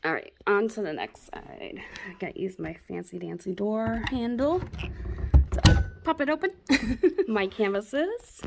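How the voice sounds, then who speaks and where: A woman's voice: mid-range voice, expressive, unhurried, gravelly, pauses often, background noise. Casual, chatty young woman in a home room. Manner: rambling, self-deprecating, laughs often. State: a bit out of breath. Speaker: vlogger giving a craft room tour. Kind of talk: casual chat. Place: home craft room, indoors.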